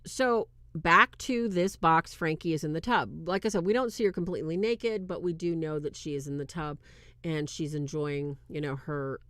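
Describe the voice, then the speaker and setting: A woman hosting a religious film review, talking casually to her viewers and swinging between loud and hushed. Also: sits low, normal speed, dry recording. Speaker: host reviewing a film on demonology. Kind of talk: casual faith-based commentary.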